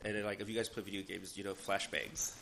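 Animated man preaching in church. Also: on the low side, fast, vocal fry, a little hiss or hum. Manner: animated, conversational, joking asides. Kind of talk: sermon with live interpretation.

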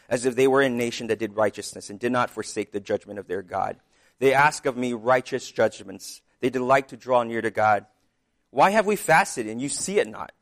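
A man preaching a sermon, praying quietly and reading scripture with rising emphasis, chewing gum because of a dry mouth. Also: mid-range voice. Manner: chewing gum while speaking; prays softly, reads scripture with rising emphasis. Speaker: pastor.

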